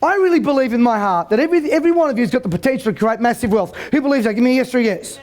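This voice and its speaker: High-voiced brash man on stage. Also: animated, rapid-fire, darkish tone. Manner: brash, joking, stammering restarts, commands the crowd. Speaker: motivational speaker. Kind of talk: live seminar address to a crowd. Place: event hall with live audience.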